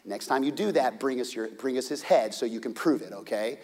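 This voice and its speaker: A man doing a soft-spoken indulgent old father. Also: medium pitch, brisk, in a large hall, pitched below the performer's own voice, lightly acted. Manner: soft, soothing, patronizing.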